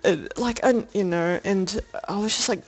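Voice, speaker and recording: A woman's voice: medium pitch, normal speed, a little mellow, breathy edge. A young woman telling a personal story for a video diary, rambling with lots of fillers, laughter and casual swearing. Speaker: video diarist.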